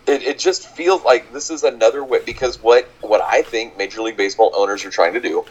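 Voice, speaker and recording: A man's voice: medium pitch, brisk, slightly rough, highs cut off. A man co-hosting a podcast, talking in a thoughtful, hedging, analytical way. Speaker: podcast co-host. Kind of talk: casual chat.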